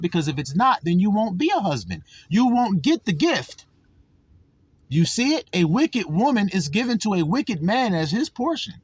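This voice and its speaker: A religious teacher with a high voice delivers sermon-style teaching, emphatic and drawing out key words. He repeatedly asks his listeners whether they see it, and there's no echo.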